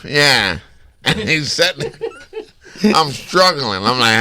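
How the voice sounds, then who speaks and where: A man speaks slowly and takes his time, his voice bright and forceful, with a drawl. He laughs at himself as he tells a story of bombing on stage. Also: mid-range voice, big pitch swings. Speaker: guest comedian. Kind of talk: casual storytelling chat.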